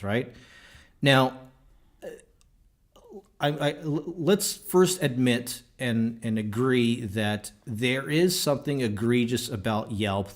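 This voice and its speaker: A man hosting a podcast, talking in a casual, animated and jokey way with many fillers and restarts. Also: mid-range voice. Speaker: podcast host.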